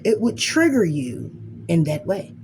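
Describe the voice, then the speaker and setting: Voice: medium pitch, wildly swooping pitch, a little slow, darkish tone, slight background noise. A speaker giving a blunt, emphatic motivational monologue as a spiritual reader, swearing freely and acting out inner arguments in quoted voices.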